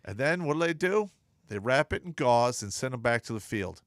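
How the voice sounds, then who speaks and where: A man's voice: medium pitch, moderate pace, no room sound, studio quality. A man who is a podcast co-host and army veteran, telling stories in casual chat and acting out the people in them. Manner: animated, acts out voices in his stories.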